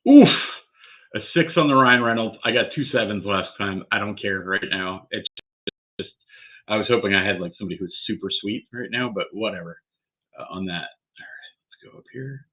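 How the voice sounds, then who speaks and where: Low-voiced guy opening cards, all worked up, sounds like a phone line. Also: brisk, long pauses. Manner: worked up, swearing, talking to himself. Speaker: card collector vlogger. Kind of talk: excited unboxing vlog.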